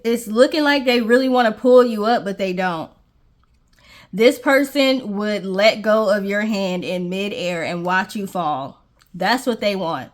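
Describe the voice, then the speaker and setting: A woman giving a casual tarot reading to viewers, reassuring and checking in with "okay?" often. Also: a little high. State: briefly out of breath. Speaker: tarot reader.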